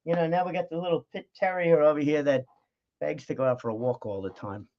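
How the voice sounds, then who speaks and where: A middle-aged man rambles through a casual vlog at home with a dog nearby, chatty and full of fillers and laughs. His voice is a little high and a little mellow, and he talks quickly. The audio is dull and lo-fi.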